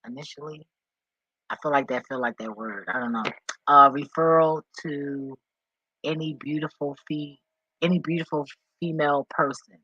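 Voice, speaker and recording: A man talking off the cuff in a vlog, rambling and excitable, swearing often as he reads and reacts. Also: fairly high pitch, normal speed, dry recording, highs cut off. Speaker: vlogger.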